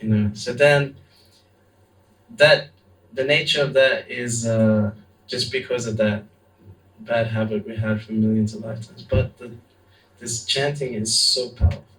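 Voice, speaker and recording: Man, young adult, monk, animated storytelling, roomy echo. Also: medium pitch, a little slow, pauses often, recorded from a distance. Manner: animated, laughing, filler-heavy storytelling. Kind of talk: storytelling talk. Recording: echoey room, voice from off-mic.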